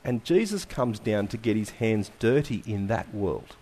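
A man preaching a sermon, asking rhetorical questions and letting his phrases fall to quiet endings. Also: fairly low pitch, expressive, unhurried.

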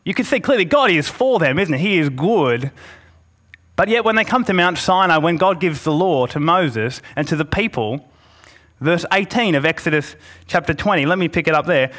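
Man, preacher, sermon, earnest, emphatic pauses, fairly high voice. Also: expressive, a bit bright. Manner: earnest, slows for emphasis and reads scripture aloud.

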